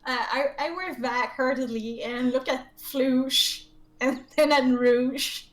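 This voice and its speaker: A woman's voice: high voice, fairly even intonation, slow pace, low-quality recording. A woman playing in a tabletop game, talking hesitantly as she decides her moves. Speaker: player.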